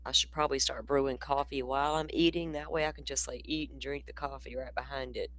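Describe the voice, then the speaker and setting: Her voice is very deep and steady in tone, yet she talks fast. She's a livestream host on a casual stream, sleepy and yawning repeatedly while she rambles, blunt and foul-mouthed.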